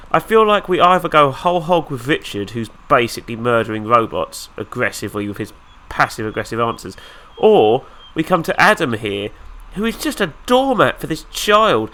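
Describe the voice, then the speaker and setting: A man's voice: medium pitch, big pitch swings, moderate pace, few pauses, pushed and bright. A man with a nasal, flu-stuffed voice, giving casual, sarcastic commentary while playing a video game. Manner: sarcastic, exasperated asides. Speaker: let's play host.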